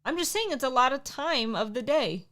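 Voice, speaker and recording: A woman's voice: high-pitched, lively intonation, moderate pace, a bit bright. A woman in her thirties co-hosting a livestream, chatting casually and defending herself with a laugh. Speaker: livestream co-host. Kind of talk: casual chat.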